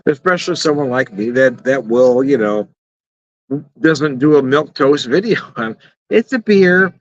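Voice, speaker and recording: A middle-aged man with a mid-range voice casually reviews beer outside in the evening, rambling, cursing bluntly, and chuckling often. The audio is dull, slightly lo-fi, and dry, with no room sound.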